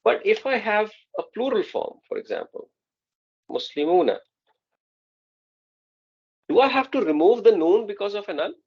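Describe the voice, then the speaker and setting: A man's voice: high voice, big pitch swings, brisk, creaky, hardly any pauses, breathy edge, muffled recording. A man teaching an Arabic grammar class online, explaining patiently and often checking that students follow.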